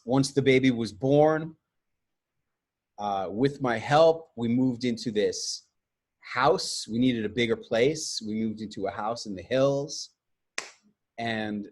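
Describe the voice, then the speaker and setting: A man's voice: fairly low pitch, a little mellow. A middle-aged man hosting a webinar, telling a candid, rambling personal story and correcting himself as he goes. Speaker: webinar host.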